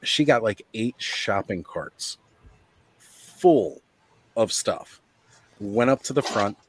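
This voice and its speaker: A man hosting a casual live stream, chatting and telling stories, animated when he quotes people. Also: fairly low pitch, takes it slowly, slightly rough, dry recording, rough recording. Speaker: livestream host.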